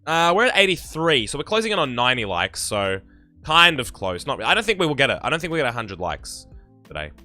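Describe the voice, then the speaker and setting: A man's voice: medium pitch, sing-song, fast, pushed and bright, faint music behind. A young Australian man with an Australian accent, chatting on a live game stream and reading viewer comments aloud in a rambling way. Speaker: gaming streamer.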